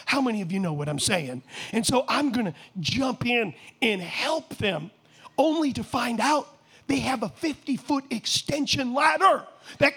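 Middle-aged male preacher, very high voice, fervent sermon delivery with shouted peaks. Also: expressive, measured pace, gravelly, breathy edge. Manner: impassioned, rising to shouts, rhetorical questions to the congregation.

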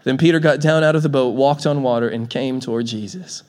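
A man's voice: medium pitch, a little fast, darkish tone. A man preaching a sermon in a church, telling stories with a playful manner and laughing often. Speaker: pastor.

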